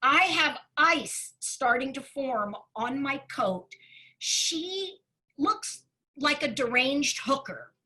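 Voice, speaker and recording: A Broadway performer telling an animated story with a lot of expression, acting out the voices of the people in it. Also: female voice, sits high, slow, poor audio. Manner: expressive storyteller who acts out quoted voices, often laughing.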